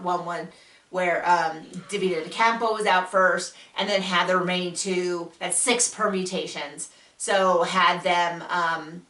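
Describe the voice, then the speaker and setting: A chatty woman from the US talks through a TV show in a lively, casual recap, her tone bright and clear. She leaps up in pitch whenever she acts out what someone said. The sound is roomy and a little distant from the mic. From United States. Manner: chatty, enthusiastic, acts out quotes with big pitch jumps. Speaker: podcast host reviewing a TV show. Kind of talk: casual spoken review. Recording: echoey room, voice a bit off-mic.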